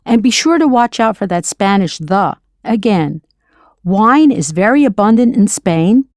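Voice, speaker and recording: A woman teaching a scripted audio language lesson, slowly modeling foreign words and spelling them out letter by letter. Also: mid-range voice, lively intonation, a little mellow, no echo, studio quality.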